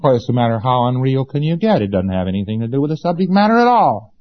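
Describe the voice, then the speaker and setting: A man's voice: medium pitch, big pitch swings, fast talker, lo-fi sound. A man giving an informal lecture to students, folksy and sarcastic, hammering points home by repeating them. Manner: folksy and sarcastic, with emphatic repetition.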